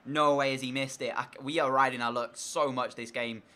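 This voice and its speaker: Young man, gaming commentary, crisp bright tone, excitable with sudden outbursts. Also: mid-range voice, a little fast. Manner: excitable, swings between flat play-by-play and loud frustrated outbursts. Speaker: gaming YouTuber. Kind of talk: live gameplay commentary.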